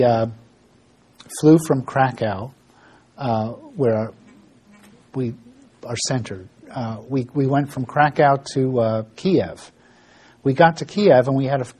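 A man doing ministry work gives an informal spoken update, telling stories in a halting way with frequent fillers and restarts. He acts out dialogue by voicing the quoted speakers. His voice is mellow, husky and medium in pitch.

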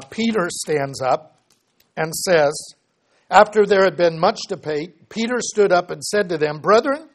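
A man preaching a sermon, quoting scripture slowly and swinging between loud emphasis and quiet asides. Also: a little high. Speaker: pastor.

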